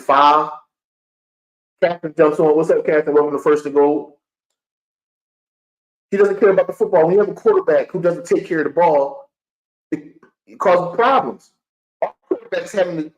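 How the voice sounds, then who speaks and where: Young man, streaming fan-show host, heated repetitive rant, fairly high voice. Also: darkish tone, rough recording. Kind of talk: live-streamed fan sports commentary.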